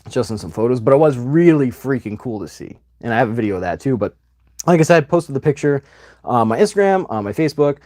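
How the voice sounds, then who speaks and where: A man's voice: medium pitch, fast talker. A man hosting a casual livestream, telling a long rambling story and acting out the other people's lines as he goes. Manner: chatty, rambling, animated retelling with quoted voices. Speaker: livestream host.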